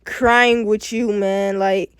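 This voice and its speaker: Young man, reaction host, slangy, emotional, higher voice, voice cracking. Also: level tone, slow, fairly bright tone, smooth, no room sound. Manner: slangy, emotional, repeats "bro" and "like". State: voice cracking with sadness. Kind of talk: casual reaction commentary.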